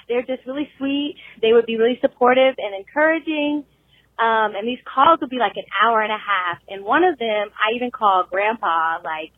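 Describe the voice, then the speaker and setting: A woman's voice: fairly high pitch, dry recording. A young woman leaving a chatty, rambling voicemail as a caller, full of fillers. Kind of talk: voicemail confession. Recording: tinny phone line.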